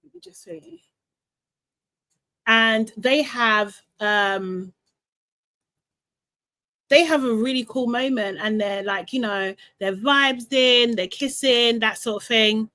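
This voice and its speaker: A woman's voice: a little high, slow, pauses often. Ranting young woman live-stream host. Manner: animated and ranting, with frequent laughs and repeats. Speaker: host of a live reality TV recap show. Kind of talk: casual live-stream chat.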